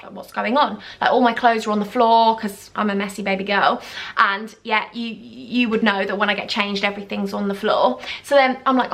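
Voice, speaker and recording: A young woman telling a dramatic, gushing storytime, acting out quoted voices with big jumps in pitch. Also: fast, a bit bright. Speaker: YouTuber. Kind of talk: casual storytime chat.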